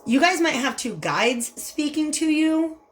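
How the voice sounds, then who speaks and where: A woman's voice: high-pitched, sing-song, unhurried. Effusive Southern woman reading tarot. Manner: chatty and effusive, addresses viewers as "you guys". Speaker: tarot reader. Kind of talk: casual spiritual tarot reading.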